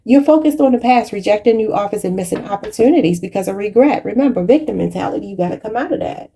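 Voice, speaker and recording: A woman's voice: medium pitch, lively intonation, fast, creaky, mellow, slight background noise. A woman giving a channeled tarot reading in a preachy, spiritual way, often calling her viewers "y'all". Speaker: tarot reader.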